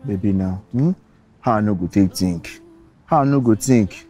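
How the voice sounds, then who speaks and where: A man's voice: lowish voice, moderate pace, warm tone, husky, soft background music. A young man with a Nigerian accent, pleading and coaxing in film dialogue. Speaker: poor young lover.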